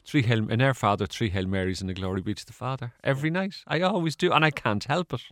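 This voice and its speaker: An Irish man guesting on an interview tells stories in a chatty, rambling way, full of fillers and laughs. He talks fast at medium pitch, recorded in studio quality with no room sound.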